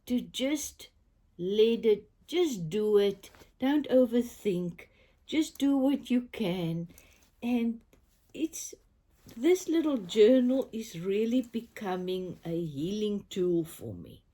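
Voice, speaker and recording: A woman's voice: medium pitch, lively intonation, takes it slowly. South African woman chatting from bed with a cold. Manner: upbeat and affirming, drifts into soft whispers. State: recovering from a cold, coughing. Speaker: crafting vlogger. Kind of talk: casual chat to camera. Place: bedroom, in bed.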